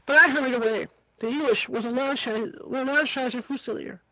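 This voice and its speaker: A woman's voice: sits high, moderate pace, bright, forceful tone, no room sound, low-quality recording. A woman reading a book aloud as an amateur reader, tripping over hard words and slipping in casual asides. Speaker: audiobook reader.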